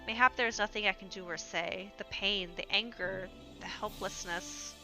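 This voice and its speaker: A woman voicing an earnest, compassionate young woman adventurer, reading game dialogue aloud in a gentle, pleading way. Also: medium pitch, steady tone, moderate pace, music in the background, natural voice. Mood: tender, earnest.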